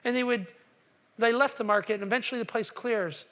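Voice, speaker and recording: A man preaching a sermon as pastor, telling a story with animated quotes and asking the congregation questions. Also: extremely high pitch, fairly quick.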